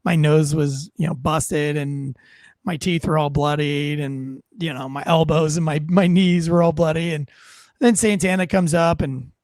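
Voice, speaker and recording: A man's voice: on the high side, steady tone, unhurried, darkish tone, no echo, clean studio sound. A man, a former police officer, telling a story in a casual interview in a blunt, profane, rambling way.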